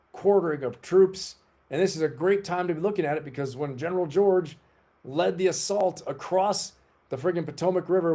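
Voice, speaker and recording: Male livestream host, forties, warm low-key tone, rambling casual delivery to the chat. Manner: rambling, chatty, talks to the chat. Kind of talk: casual live-stream chat.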